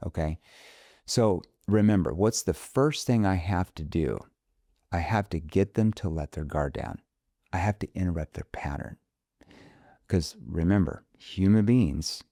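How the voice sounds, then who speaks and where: A man's voice: deep voice, warm tone, no echo, clean studio sound. A man talking as a sales trainer guest in a podcast interview, emphatic, acting out sample phone calls in an upbeat voice.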